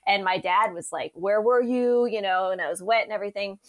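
A lively woman guest recounting stories from her life on a podcast. She talks casually, laughs through her anecdotes and acts out the voices of the people she quotes. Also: mid-range voice, fast talker. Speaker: meteorologist guest. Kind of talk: casual storytelling interview.

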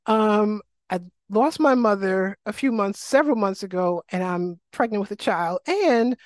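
A middle-aged woman from New York, a guest telling her life story in a casual interview, animated and full of fillers. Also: medium pitch, unhurried, no echo. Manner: animated, acts out quoted voices, frequent fillers. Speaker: guest, wellness coach.

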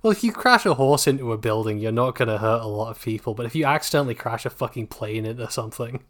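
A man co-hosting a casual book podcast, making sarcastic deadpan jokes and swearing casually. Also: mid-range voice, fast. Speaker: podcast co-host. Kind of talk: casual book-discussion chat.

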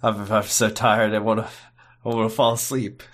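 A man's voice: lowish voice, normal speed. A man co-hosting a podcast, riffing with jokey asides while recapping an episode. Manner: animated, jokey asides and riffs. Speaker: podcast co-host. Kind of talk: casual episode recap chat.

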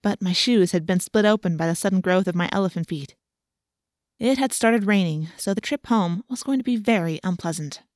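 A woman's voice: medium pitch, brisk, darkish tone, no room sound, clean studio sound. A woman narrating a first-person novel in an earnest, tense storytelling manner. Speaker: audiobook narrator.

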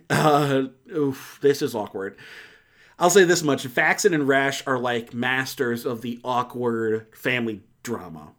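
A man's voice: mid-range voice, animated, a little slow, fairly bright tone. A man hosting a casual movie review chat, rambling and cutting himself off mid-sentence. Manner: rambling, self-interrupting, laughs easily.

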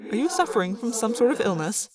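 A woman voicing a polite, formal male alien who speaks quietly and precisely. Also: on the high side, big pitch swings, fast talker. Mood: earnest.

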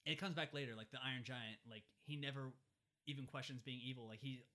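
A man co-hosting a casual chat, recapping a movie and acting out the quotes in animated style. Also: mid-range voice, brisk. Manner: animated storyteller who acts out quotes. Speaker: podcast co-host.

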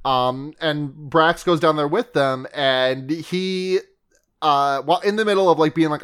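A man's voice: on the high side, unhurried, clear, resonant tone. Man rambling through a casual movie recap. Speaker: podcast co-host recapping a movie. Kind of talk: casual chat.

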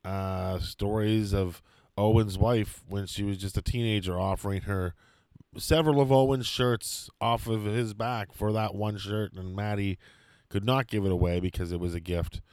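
Low-voiced podcast host, dry sound. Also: male voice, steady tone, moderate pace, a little mellow, dry recording. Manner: hesitant, many fillers. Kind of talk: casual interview chat.

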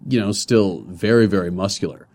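A man's voice: fairly low pitch, a little fast, darkish tone. A man in his twenties, a comedian and personal trainer, chatting loosely as a podcast guest in a studio with many restarts and fillers. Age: 20s. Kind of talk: casual podcast conversation.

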